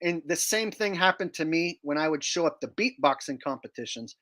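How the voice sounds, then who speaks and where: A man hosting a casual livestream, chatting with viewers in a deadpan, mock-bragging, joking manner. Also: on the high side, fairly quick. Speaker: livestream host.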